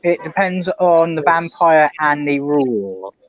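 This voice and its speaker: Animated man joking about vampire rules. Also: on the high side, a little slow, muffled recording. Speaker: podcast co-host. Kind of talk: casual movie watch-along chat.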